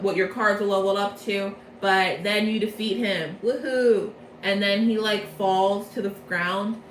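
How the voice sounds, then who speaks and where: A young woman chats her way through a game's storyline, bubbly and full of jokes, slipping into quick voices for the characters. The room around her rings with echo, and a faint noise sits underneath. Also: medium pitch, fairly bright tone. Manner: bubbly, jokey, acts out quick character quotes. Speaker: storyteller recapping a game plot. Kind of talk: casual chatty plot recap.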